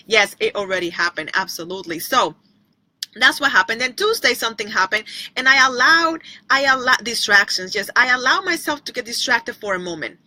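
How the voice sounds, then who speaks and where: A woman's voice: fairly high pitch, animated, moderate pace, pushed and bright, low-quality recording. A woman speaking to her online viewers in a chatty, repetitive devotional talk, calling them by name and now and then breaking into a bit of song. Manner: breaks into short bits of singing. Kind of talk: inspirational livestream talk.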